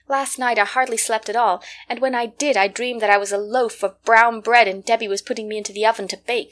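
A woman's voice: on the high side, natural voice. A woman voicing a young girl who sounds fretful and pleading.

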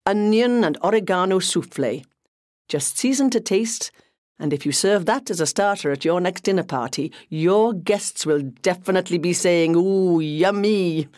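Narrator voicing a Welsh male TV cook, beaming showman, pitched up, close and dry. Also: a little slow, a little mellow, no echo, lightly acted. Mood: chirpy. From North Wales. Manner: beaming, flirty showman patter.

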